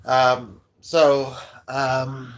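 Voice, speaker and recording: Speaking extremely slowly with a flat delivery, this mid-range-voiced man hosts a laid-back music and chat stream. He rambles hesitantly, restarting and filling gaps with ums, and chuckles frequently.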